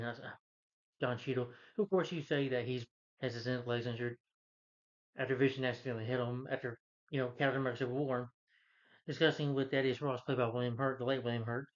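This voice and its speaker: A man's voice: medium pitch, highs cut off. A man recapping a superhero film's plot in a casual, rambling way, often restarting sentences and quoting characters in his ordinary voice. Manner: rambling, with many restarts and fillers; quotes characters in his own voice. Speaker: film reviewer.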